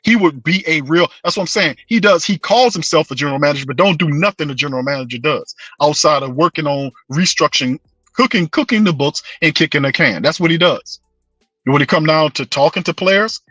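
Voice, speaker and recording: A New man rants about his team with a bright, forceful edge to his slightly high voice. He repeats himself for emphasis and talks straight to his listeners in slang. The sound is close and dry, with no room around it. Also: lively intonation, a little fast, no echo. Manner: passionate, repetitive, slangy, addresses listeners as fam and bro. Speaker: sports show host. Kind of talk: fired-up sports fan rant.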